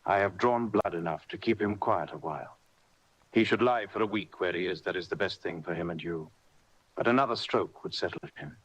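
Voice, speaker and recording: A man voicing a stern doctor who scolds his patient in crisp, firm sentences. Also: deep voice, fairly quick, fairly bright tone, poor audio. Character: stern middle-aged country doctor. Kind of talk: audiobook character reading.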